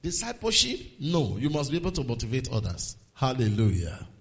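A man preaching a sermon, swinging from low murmurs to raised exhortations and quoting scripture in old-fashioned phrasing. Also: animated, a little fast, gravelly, a bit bright, lo-fi sound. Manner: quotes scripture in King James phrasing.

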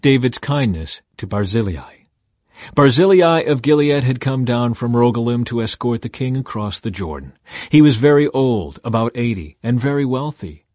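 A man reading scripture aloud in a measured way, slowing down to stress key words. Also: mid-range voice, lively intonation, darkish tone, no room sound, clean studio sound. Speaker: scripture reader.

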